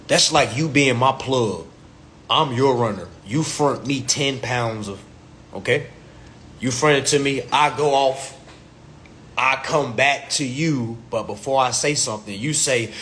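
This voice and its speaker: A man's voice: medium pitch, measured pace, a bit bright, slight background noise. A man hosting a casual livestream rant, talking in loose, profane street slang and acting out little back-and-forth dialogues into his phone. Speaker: host of a livestream.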